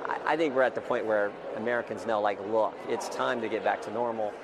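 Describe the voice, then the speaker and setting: Gravelly-voiced man amid street traffic. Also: on the low side. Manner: quick, halting, with restarts. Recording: clip with outdoor traffic noise.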